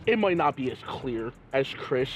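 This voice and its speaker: A man who is a photographer, chatting casually with friends in eager, quick bursts. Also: medium pitch, sing-song, dull audio, slight background noise. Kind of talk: casual chat.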